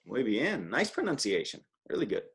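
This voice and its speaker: A man giving a relaxed one-on-one language lesson. He chats easily between drills and says each word clearly so his student can repeat it. His pitch sits in an ordinary middle range. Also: moderate pace. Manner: patient, chatty, models words for repetition. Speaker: Spanish teacher.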